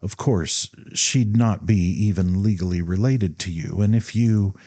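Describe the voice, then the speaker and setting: A gentle middle-aged mother who falters and stammers, nervous and pleading, her voice lifted a little above the reader's own deep, mellow tone, as a man reads her part. She keeps circling back and restarting her thoughts. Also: measured pace, no room sound. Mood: timid pleading.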